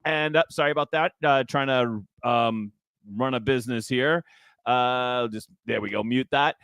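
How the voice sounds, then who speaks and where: A man's voice: mid-range voice, measured pace, a bit bright, smooth, no room sound. A man hosting a casual political talk show, chatty and rambling, with frequent restarts and asides.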